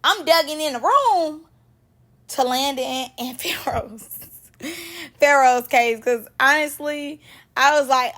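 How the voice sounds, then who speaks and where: A woman giving casual reaction commentary on a reality show, animated and slangy, laughing often between remarks. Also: high voice, slow pace, long pauses.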